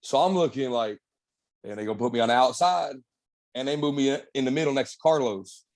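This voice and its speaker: A man's voice: medium pitch, brisk, darkish tone. A young man, a bodybuilder guest on an interview, telling his story in a laid-back, slangy way with lots of swearing. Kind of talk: casual candid storytelling.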